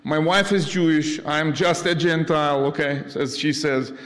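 A man in his fifties from Ukraine, speaking to an audience as a missionary, halting with many fillers and restarts, with light jokes. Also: fairly high pitch, steady tone, a bit bright. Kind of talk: casual talk to an audience. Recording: long hall reverb.

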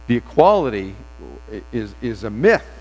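A man pastor giving a sermon, telling a story in a conversational way with pauses. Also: mid-range voice, very animated. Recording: long reverb of a large hall.

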